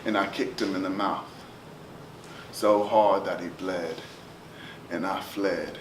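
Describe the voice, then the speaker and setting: A man performing spoken word poetry in a rhythmic, chanting delivery that swings between loud calls and near whispers. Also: low-pitched, slow. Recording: roomy echo, distant mic, steady ambient noise.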